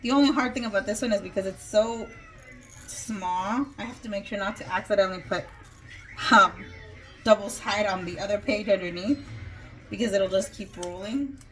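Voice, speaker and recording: A woman's voice: mid-range voice, moderate pace, a bit bright. A woman vlogging casually in her home kitchen, chatty and rambling, a little out of breath and joking about herself. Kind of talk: casual chat.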